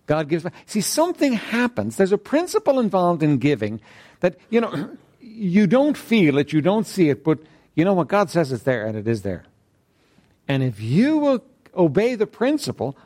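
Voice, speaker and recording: Male pastor, sermon, emphatic and repetitive, slightly high voice, lively pitch. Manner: emphatic, repeats key phrases, asks the room "right?".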